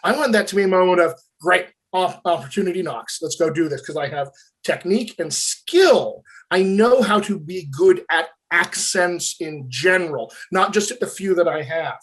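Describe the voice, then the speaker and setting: A man's voice: sits high, normal speed, husky. A man working as a dialect coach, talking eagerly in an interview and speaking to viewers as friends. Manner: animated, addresses viewers as "my friends". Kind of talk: enthusiastic interview talk.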